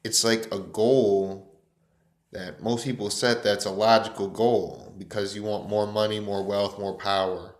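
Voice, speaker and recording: A man rants in a rambling, profane way. His voice sits on the low side. The room around him is echoey. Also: fairly even intonation, unhurried. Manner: rambling, profane, loud opening hype. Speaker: vlogger. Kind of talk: casual rant.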